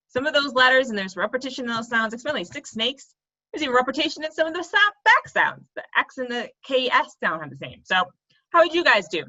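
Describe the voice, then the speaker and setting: A woman's voice: fairly high pitch, very animated, fast talker, sharp tone, lo-fi sound. A woman teaching a lesson for children, speaking playfully and laughing at herself when she stumbles over tongue twisters. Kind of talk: video lesson for kids.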